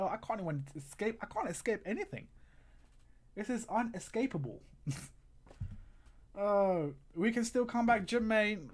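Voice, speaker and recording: A man hosting a live football watchalong stream, groaning and ranting at the game and talking straight to his chat viewers. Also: on the high side. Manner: exasperated, groaning and ranting at the match; talks to chat viewers directly. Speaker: livestream host.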